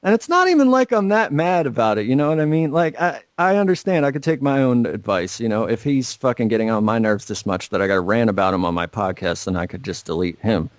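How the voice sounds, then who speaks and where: A man's voice: medium pitch, lively intonation, fast, hardly any pauses, dry recording. Young man, podcast co-host, sarcastic profane rant, dry close sound. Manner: ranting, swears constantly, sarcastic. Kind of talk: profane casual chat.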